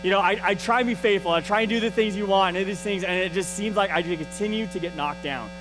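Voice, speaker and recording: A man's voice: sits high, fast talker, over music, low-quality recording. A man teaching a casual Bible lesson at church, talking conversationally and checking in with his listeners as he goes. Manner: conversational, often checks in with "right?" and "okay?"; restarts and repeats words often.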